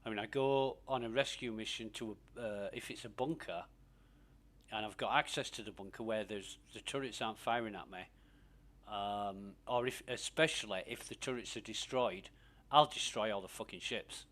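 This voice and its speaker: Sweary low-voiced gamer. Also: male voice, moderate pace, a bit bright. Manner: rambling, profane, laughs easily. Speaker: gaming streamer. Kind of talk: casual gameplay commentary.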